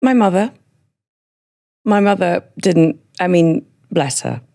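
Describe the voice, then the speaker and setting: A woman from northern England with a hybrid northern English and Scottish accent, talking frankly as a podcast guest, chatty and quick to laugh. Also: on the low side, lively intonation, gravelly, dark tone. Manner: frank, chatty, laughs often, slows for emphasis. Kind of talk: candid personal interview.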